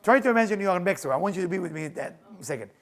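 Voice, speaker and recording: A middle-aged man, a spiritual teacher, telling personal stories in an animated, earnest lecture, in halting broken English. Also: high voice. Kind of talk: storytelling lecture.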